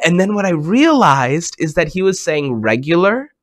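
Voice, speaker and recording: A man hosting a children's program over a video call, talking animatedly and swinging between hushed and excited tones. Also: high voice, normal speed, few pauses, no echo, studio quality.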